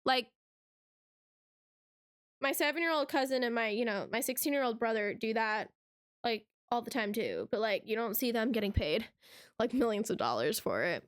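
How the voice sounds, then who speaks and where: A woman's voice: on the high side, animated, moderate pace, long pauses, no echo, studio quality. A young woman hosting a reaction channel, ranting casually to camera in a sarcastic, exasperated way, full of rhetorical questions.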